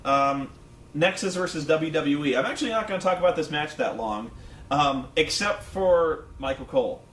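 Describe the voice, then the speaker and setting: Rambling and cursing freely, a wrestling review show co-host keeps the chat casual and full of fillers. He has a fairly high, fairly bright voice with lively intonation and normal speed. The sound is echoey and distant, with a faint hum.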